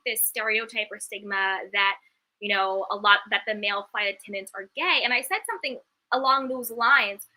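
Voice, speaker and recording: A young woman with a very bright, fairly high voice talks candidly in a casual live-stream. She is emphatic and chatty, and she stops to read viewer comments aloud. Her tone is forthright and conversational. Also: low-quality recording. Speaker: reality TV commentary host.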